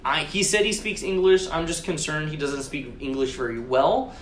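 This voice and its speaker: A man's voice: a little high, normal speed. A man co-hosting a podcast, telling a long story in casual chat, swearing and acting out both sides of a conversation. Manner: profane, rambling, retells conversations. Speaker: podcast co-host. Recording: roomy echo with faint noise.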